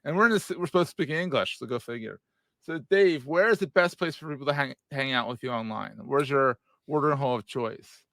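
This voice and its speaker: A man in his forties hosts a podcast interview, chatting casually and laughing often. His voice sits at an ordinary middle pitch. The sound is dry and close, with no room around it. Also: brisk, creaky, fairly bright tone, no room sound. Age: 40s. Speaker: podcast host.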